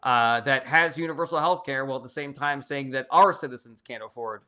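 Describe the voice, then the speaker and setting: A young man with a bright, forward voice is hosting a casual livestream. He reads viewers' questions aloud and answers them bluntly and with strong opinions, dropping profanity freely and never softening his views. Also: mid-range voice, a little fast.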